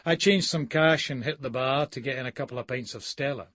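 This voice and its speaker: A man's voice: mid-range voice, a little fast, a bit bright, no echo. A man with a Scottish accent reading a novel aloud in the first person, with a coarse, brash, sneering delivery. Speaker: audiobook narrator.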